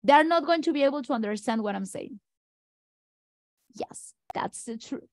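High-voiced woman, teaching. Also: lively intonation, no echo. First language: Spanish. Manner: brisk, speaks fast, addresses colleagues directly. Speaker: teacher trainer. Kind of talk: online teacher-training lecture.

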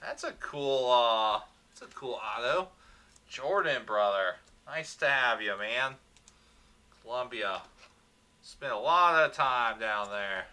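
A man's voice: medium pitch, animated, takes it slowly, bright, forceful tone. A man hosting a livestreamed card box break, upbeat, rattling off player names and chatting with viewers.

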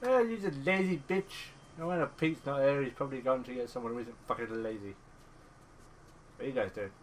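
A man's voice: medium pitch, fast, slight background noise. A man hosting a let's play, giving sarcastic, joking commentary on the game and swearing often. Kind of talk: gameplay commentary.

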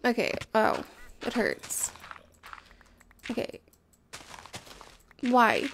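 High-voiced playful woman gaming. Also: normal speed, pauses often, slight background noise. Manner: playful, talks to in-game animals, excitable outbursts. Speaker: gameplay commentator. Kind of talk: casual let's-play commentary.

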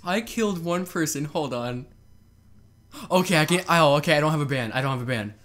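A man giving casual, excitable gameplay commentary, laughing and swearing as he plays. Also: fairly high pitch, brisk. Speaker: gaming video host.

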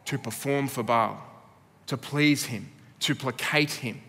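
A man's voice: mid-range voice, slow, pushed and bright. An Australian man preaching a sermon as pastor, earnest and laced with dry humour. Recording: long reverb of a church hall.

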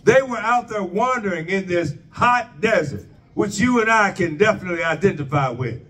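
A man's voice: high-pitched, expressive, normal speed, fairly bright tone, distant mic. A man preaching a sermon, asking the congregation rhetorical questions and drawing their responses.

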